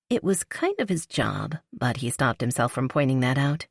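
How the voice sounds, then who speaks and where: A woman narrating a romance audiobook in a calm, even storytelling manner. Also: very deep voice, moderate pace, hardly any pauses, dry recording, clean studio sound. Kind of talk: scripted narration.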